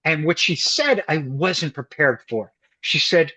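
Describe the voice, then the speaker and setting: A man's voice: on the high side, a little slow, low-quality recording. A man from the United States, a guest and couples counselor, telling a story in an interview and acting out the voices of the people in it. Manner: animated storyteller, acts out quoted voices.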